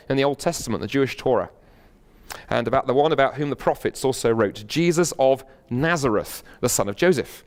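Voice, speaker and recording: A British man giving a university lecture in a packed hall, earnest and animated, with frequent fillers and restarts. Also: mid-range voice, fairly quick. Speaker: guest lecturer.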